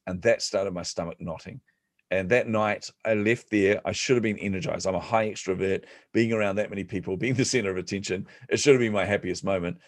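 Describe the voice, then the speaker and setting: A man, a podcast guest, telling stories in an animated, self-deprecating way and acting out the voices of people he quotes. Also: sits low, a little fast, no room sound, studio quality. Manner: self-deprecating humor, frequent laughs. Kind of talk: storytelling in an interview.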